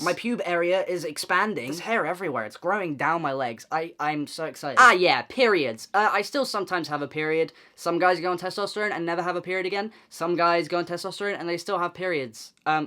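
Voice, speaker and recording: A man's voice: on the high side, a little fast, pushed and bright. Candid young man chatting to camera. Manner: candid, self-deprecating, chatty. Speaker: vlogger. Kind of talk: casual chat to camera.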